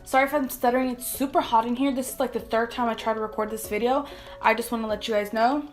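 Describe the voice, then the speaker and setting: A woman's voice: on the high side, steady tone, fast, soft background music. A young woman from California chatting through a casual makeup review vlog in her bedroom, rambling and repeating herself. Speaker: beauty vlogger.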